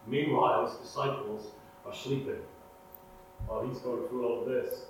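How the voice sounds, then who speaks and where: A man preaching a sermon in an earnest way, swinging between loud emphasis and hushed, prayerful lines. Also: mid-range voice, fairly even intonation, moderate pace, long pauses. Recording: echoey room, mic far off, faint hum.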